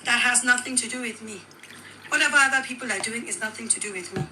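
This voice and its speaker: A woman with a Nigerian accent, telling her own account as a widow, animated and quoting others in dialogue. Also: a little high, fast talker, slight background noise, rough recording. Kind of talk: emotional personal account.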